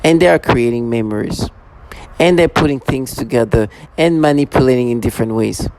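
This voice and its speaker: Gravelly man rambling in a halting monologue. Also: mid-range voice, a little mellow. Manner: halting, many restarts and repeated fillers. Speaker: vlogger.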